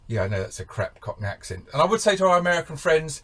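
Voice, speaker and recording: A man's voice: on the high side, very animated, fast talker, a bit bright, a little hiss or hum. A middle-aged Englishman with an English accent, hosting a campervan channel in a wry, self-mocking, rambling monologue. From England.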